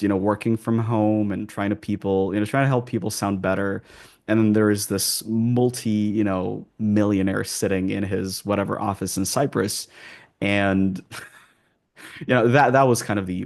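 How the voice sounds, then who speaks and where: A man's voice: lowish voice, fairly even intonation, normal speed, a little mellow. A man who works as an accent coach, answering interview questions in a rambling way with many restarts and fillers.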